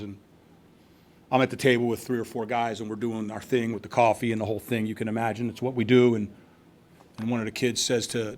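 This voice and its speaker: Brief: man in his sixties, mid-pitched voice, loose candid testimony with wry asides at a recovery meeting. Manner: candid storytelling with repeated restarts and wry asides. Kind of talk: personal testimony to a live meeting. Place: meeting hall.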